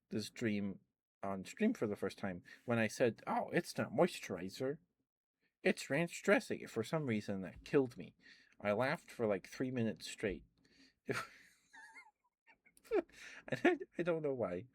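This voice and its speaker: Young man, soft ASMR chat, lowish voice, close dry mic, rambling with lots of laughs. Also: lively intonation, a little slow, long pauses, no room sound. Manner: rambling, laughs often, repeats phrases. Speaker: ASMR streamer.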